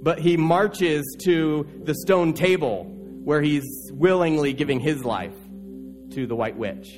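A man preaching a heartfelt sermon in a slightly higher voice, pressing his point by repeating phrases. Music plays clearly underneath him. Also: measured pace, a little mellow. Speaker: pastor.

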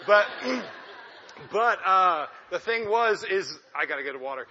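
A man's voice: high voice, expressive, normal speed, bright, forceful tone. A young man, a missionary, giving a chatty, self-deprecating talk to a church congregation. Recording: echoey hall, dull lo-fi sound.

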